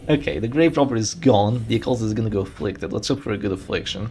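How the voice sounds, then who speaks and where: A man streaming a tournament and commentating live in a chatty, animated way, thinking aloud and restarting his sentences. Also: fairly low pitch, fairly quick, hardly any pauses, a little hiss or hum. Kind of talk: casual live game commentary.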